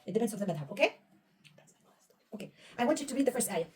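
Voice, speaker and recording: Female reading teacher, quick and high-voiced, patient with her pupil; recorded from a distance with a faint hiss. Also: sing-song, dark tone. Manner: patient, quizzing and praising a young pupil. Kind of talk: one-on-one reading lesson.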